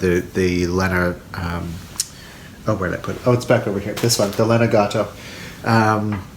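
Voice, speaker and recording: Deep-voiced guy hosting a knitting vlog, chatty, lots of ums, faint hiss behind. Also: a bit bright. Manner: chatty, rambling with frequent fillers. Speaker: knitting podcast host. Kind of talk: casual chat to camera.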